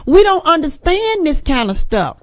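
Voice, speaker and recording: A woman's voice: sits high, very animated, moderate pace, no echo. A middle-aged woman, preaching an informal sermon with folksy jokes and asides to the congregation.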